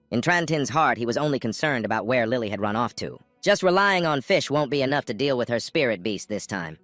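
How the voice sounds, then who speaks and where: A man's voice: medium pitch, expressive, a little fast, few pauses, fairly bright tone, dry recording, soft background music. A man narrating a comic story recap in a scripted way, jumping into character lines now and then.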